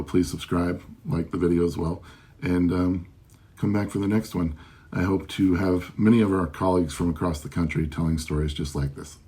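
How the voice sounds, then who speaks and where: A man's voice: low-pitched, dark tone, breathy edge. A man who runs a loss prevention business, casually telling a story about his work with frequent ums and restarts. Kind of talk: casual first-person storytelling.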